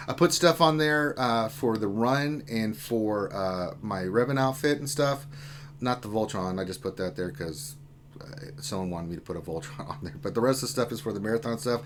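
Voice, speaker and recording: A man hosts a relaxed lunchtime gaming stream at an everyday middle pitch. He jokes and banters as he greets viewers and reads their comments aloud, with a faint hum in the background. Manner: joking, banter-filled. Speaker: live stream host. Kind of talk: casual chat, reading out viewer comments.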